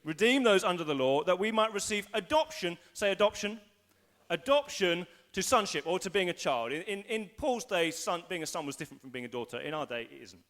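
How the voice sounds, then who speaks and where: Animated man preaching a live sermon. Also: high-pitched, fairly quick. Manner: animated preaching, acting out inner voices and anxious thoughts. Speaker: senior pastor. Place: school hall used for a church service.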